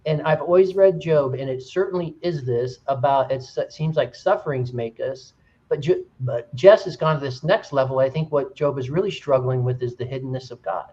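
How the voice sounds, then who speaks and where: A man in an earnest group discussion, retelling stories with animated, rising emphasis. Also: medium pitch, normal speed, muffled recording. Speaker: discussion participant. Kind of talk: casual discussion.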